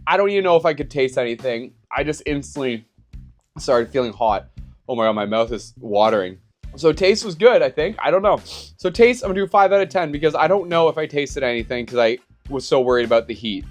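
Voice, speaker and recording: A young man in casual vlog talk, chatty and rambling, restarting his sentences when he gets flustered. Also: medium pitch. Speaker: YouTuber.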